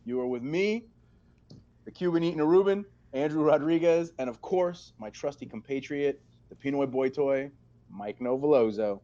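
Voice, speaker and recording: A man's voice: medium pitch, normal speed, dark tone, lo-fi sound. A man hosting a podcast in casual chat, opening with showy mock-grand introductions and laughing often. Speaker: podcast host.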